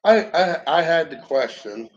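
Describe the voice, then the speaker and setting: Slow, rambling man in a stand-up monologue. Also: fairly high pitch, lively intonation, lo-fi sound. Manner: halting, profane, full of fillers and restarts. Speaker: amateur comedian.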